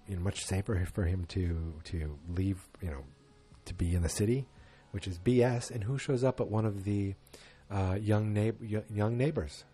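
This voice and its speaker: A low-voiced man with a husky edge gives a rambling, casual episode recap, tossing in wry asides. His tone is mellow and dark, and soft music plays faintly behind him.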